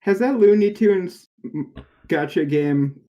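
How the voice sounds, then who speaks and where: A man co-hosting a podcast in casual chat, dropping offbeat deadpan asides. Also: high-pitched, slow pace, lo-fi sound, a little hiss or hum. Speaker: podcast co-host.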